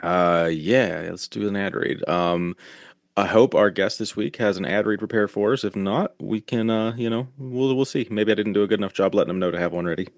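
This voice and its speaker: Deep man, muted podcast chat at home, self-deprecating, dead-dry mic. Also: fairly quick, no echo. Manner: low-key, hushed, self-deprecating. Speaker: podcast co-host. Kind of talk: casual chat. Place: home, next to a sleeping person.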